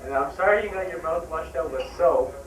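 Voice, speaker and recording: A man's voice: on the high side, brisk. A young adult man telling rambling childhood stories to a friend on camera, restarting lines and laughing often. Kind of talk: casual anecdotes to camera. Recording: echoey room, distant mic, crowd chatter.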